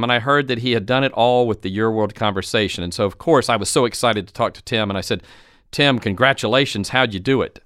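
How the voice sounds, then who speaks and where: A man's voice: medium pitch, fairly bright tone, clean tone, dry recording, studio quality. A man giving a coaching talk to sales agents, telling stories and acting out the people he quotes. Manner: retells anecdotes and acts out quoted speech. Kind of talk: instructional storytelling talk.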